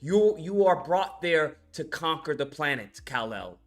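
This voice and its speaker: A man's voice: a little high, animated, a little slow, pitched below the performer's own voice. A man voicing a stern alien father who solemnly commands his son to conquer.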